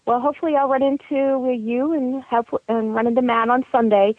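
Female regular radio caller, friendly and halting, tinny dry phone line. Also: sits high, steady tone, no echo. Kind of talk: phoned-in chat on a radio show.

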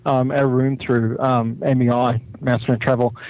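A man's voice: medium pitch, little pitch movement, normal speed, darkish tone, no room sound. A man calling in to a show, friendly, often repeating words as he talks. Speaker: caller. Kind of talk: phone call-in chat. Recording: dull call line.

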